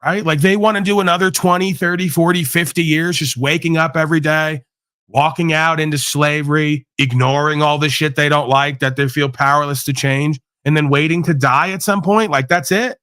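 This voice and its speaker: A man's voice: on the high side, steady tone, normal speed, a bit bright, dry recording, studio quality. A man hosting a livestream, delivering a profane, combative, preachy rant. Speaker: livestream host. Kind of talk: ranting monologue.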